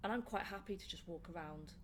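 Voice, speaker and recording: A young woman with a Northern English accent, a comedian chatting in a casual interview and telling animated, laughing stories. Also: fairly low pitch, fast talker, slight background noise. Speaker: comedian guest. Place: indoor room.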